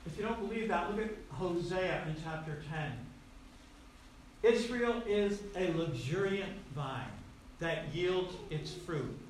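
A pastor preaching a sermon, emphatic, rising to loud stresses and dropping to quiet asides. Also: male voice, high voice, lively intonation, slow pace, slight background noise. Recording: roomy echo.

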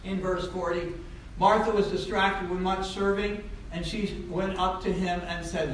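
A man preaching a sermon as pastor, emphatic and swinging between loud declarations and quiet asides. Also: sits high, steady tone, measured pace, slight background noise. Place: church sanctuary. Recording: very echoey, distant mic.

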